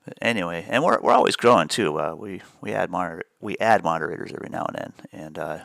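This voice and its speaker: A man with a low, gravelly voice talks loosely on a live trading stream, circling back over his words. The sound is dry and close, with no room around it. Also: fast talker, fairly bright tone, no room sound. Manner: rambling, repeats words, laughs easily. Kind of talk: casual live-stream chat.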